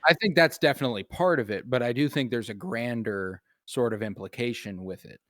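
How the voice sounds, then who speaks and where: A man in casual podcast chat, mid-pitched, swearing freely and tossing in fillers as he talks about movies. Close, dry sound with no room around him. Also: a little fast, a bit bright, no room sound. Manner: loose and profane, heavy on fillers. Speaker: podcast co-host.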